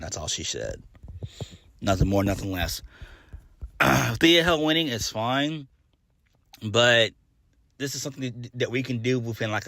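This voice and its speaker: A man's voice: lowish voice, fairly bright tone, dry recording, clean studio sound. A man giving a casual solo review of a wrestling show, blunt and exasperated, swearing freely and trailing off into fillers.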